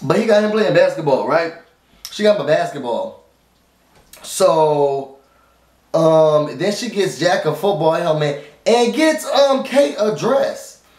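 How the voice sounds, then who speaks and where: A man's voice: fairly high pitch, animated, takes it slowly, a little mellow, reverberant. A man casually recapping a TV episode at home. He talks informally to his viewers and rambles, with lots of fillers and restarts. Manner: informal, addresses viewers as y'all. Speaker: TV recap vlogger. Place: at home, dog nearby.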